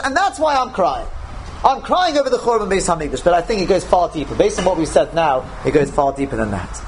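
A man giving a Talmud lecture, animated, with many restarts and Hebrew terms. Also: high-pitched, poor audio. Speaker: Torah teacher.

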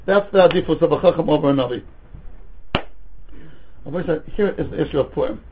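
A man teaching Talmud as a rabbi speaks fast in a fairly high pitch, with slight background noise on a tinny, phone-like recording. He lectures with energy, asking rhetorical questions, telling stories, and slipping Hebrew and Yiddish into his English.

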